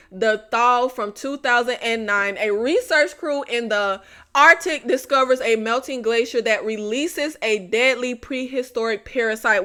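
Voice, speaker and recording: A young woman reviewing horror movies in a casual vlog, animated and laughing often, swearing freely as she talks to her viewers. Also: high-pitched.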